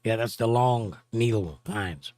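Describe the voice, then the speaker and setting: A man's voice: lowish voice, measured pace, no echo, studio quality. A man hosting a livestream, casually reading viewer comments aloud and chatting back to them. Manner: reads viewer comments aloud in a steady conversational drawl. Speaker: livestream host reading chat. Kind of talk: casual chat.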